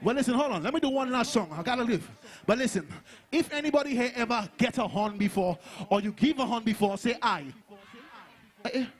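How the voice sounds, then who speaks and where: A man performing soca live on stage, singing and shouting call-and-response lines to hype the crowd. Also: very high voice, fairly quick. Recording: live concert over loud music. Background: loud soca band and crowd.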